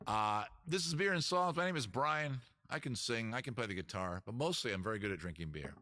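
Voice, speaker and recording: A man's voice: mid-range voice, animated, a little fast, sharp tone, faint music behind. A man hosting a casual live-stream at home outdoors, joking and rambling in a self-mocking way. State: out of breath. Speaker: livestream host, musician. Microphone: camera mic, moves away from it.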